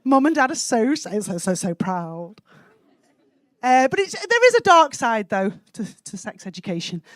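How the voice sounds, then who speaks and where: A woman from Wales performing a cheeky stand-up set, landing punchlines deadpan on a comedy club stage. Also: on the high side, moderate pace, no room sound.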